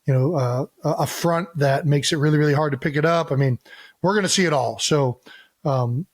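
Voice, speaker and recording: A man's voice: on the high side, fairly quick. Rambling male podcast co-host. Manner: rambling, with many fillers and restarts. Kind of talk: casual chat.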